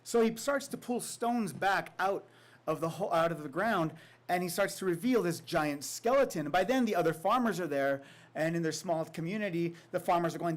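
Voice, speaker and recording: Fairly high-voiced man reading and telling stories. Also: expressive. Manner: reflective, unhurried, with casual fillers and laughs. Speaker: author giving a faculty reading. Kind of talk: poetry reading and storytelling.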